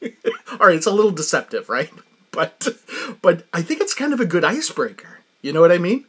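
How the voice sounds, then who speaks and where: A man's voice: a little high, very animated, a little fast, pauses often, a bit bright, husky. A man hosting a podcast in a rambling, casual comic monologue who laughs often at his own stories. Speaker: podcast host.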